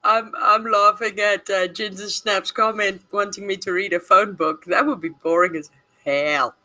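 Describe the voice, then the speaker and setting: A woman's voice: mid-range voice, steady tone, moderate pace, bright, forceful tone, poor audio. A woman co-hosting a livestream, easygoing, chatting and answering viewers' comments. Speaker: livestream co-host. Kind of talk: casual livestream chat.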